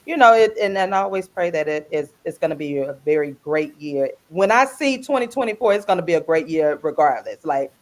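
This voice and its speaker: A woman hosting a casual radio talk show, lively and chatty, greeting listeners by name. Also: low voice, brisk, hardly any pauses. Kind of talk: casual group chat on radio. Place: radio studio.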